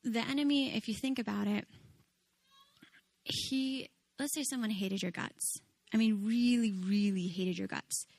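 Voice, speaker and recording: A woman's voice: a little high, a little slow, gravelly, darkish tone. A woman giving a conversational Bible teaching into a handheld mic. She keeps checking in with "okay?" and acts out everyday scenes. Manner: chatty, checks in with "okay?" often.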